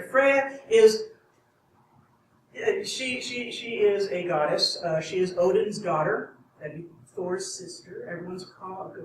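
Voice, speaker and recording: A woman's voice: mid-range voice, slight background noise. Rambling woman storyteller in an echoey hall. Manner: rambling, self-correcting, wry asides. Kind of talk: live comic storytelling. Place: live event room. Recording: echoey room from far off.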